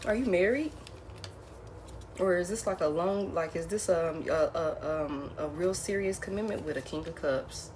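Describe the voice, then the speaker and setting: A woman's voice: fairly low pitch, normal speed, background noise. A woman giving a casual, frank tarot reading who keeps repeating her key phrases. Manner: repeats phrases, frank and blunt, addresses listener as baby. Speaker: tarot reader.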